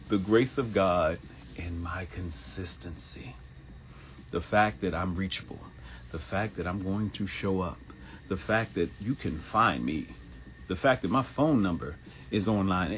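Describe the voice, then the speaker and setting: This fifty-something morning show host speaks live, repeating phrases in a motivational monologue and switching to high mock voices when quoting. His delivery is a little slow and a bit bright, with slight noise in the background.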